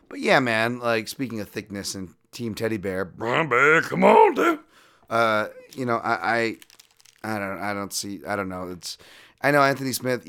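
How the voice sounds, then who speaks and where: A man hosting a fight podcast, breaking down bets in a profane, animated and self-deprecating way. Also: deep voice, clean tone. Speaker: podcast host and fight analyst. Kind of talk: casual betting-podcast breakdown.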